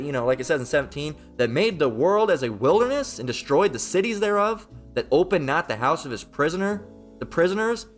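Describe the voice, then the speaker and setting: A man delivers a fiery, profane Bible commentary in a slightly high voice. His pitch swings widely as he mocks and repeats himself. Quiet guitar music plays in the background. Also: lively intonation, quick pace. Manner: mocking, profane, repetitive. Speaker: Bible teacher.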